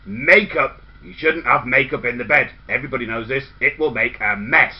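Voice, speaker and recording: A man's voice: mid-range voice, normal speed. A man cheekily interrupts a children's story with jokes and questions. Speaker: interrupting listener. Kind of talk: comic banter. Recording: dull lo-fi recording.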